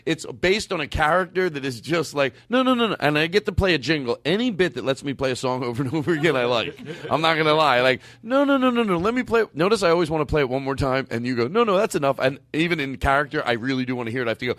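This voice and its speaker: A man hosting a comedy podcast, coaxing and animated in casual chat, laughing often. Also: mid-range voice, fast talker, few pauses, no echo, clean studio sound. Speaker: podcast host.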